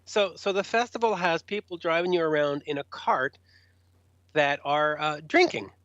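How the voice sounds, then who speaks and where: A man's voice: a little high, moderate pace, no echo. A man, a rock journalist, casually telling stories and acting out the people in them. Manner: animated, acts out others in raised voices. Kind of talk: casual storytelling. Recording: dull lo-fi dry sound.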